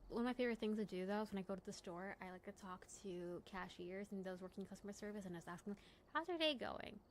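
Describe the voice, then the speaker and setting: A woman's voice: mid-range voice, steady tone, fast talker, darkish tone, a little hiss or hum. A young woman hosting a late-night livestream from home, chatting casually and rambling with lots of "like" and "you know". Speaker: livestream host.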